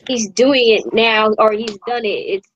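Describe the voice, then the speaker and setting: A woman's voice: on the high side, a little slow, husky. A woman student giving a tentative answer in class. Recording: distant, dull sound.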